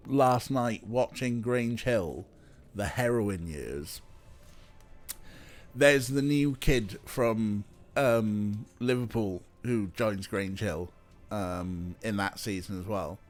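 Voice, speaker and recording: A man's voice: medium pitch, takes it slowly, faint music behind. A man streaming a point-and-click game, chatting wryly and casually with viewers and trailing off with fillers. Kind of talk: casual let's-play commentary.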